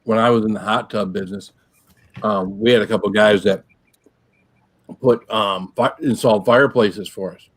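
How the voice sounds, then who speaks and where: A man joining a live stream chat, relaxed, telling an anecdote. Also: on the low side, normal speed, pauses often, breathy edge. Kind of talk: casual chat.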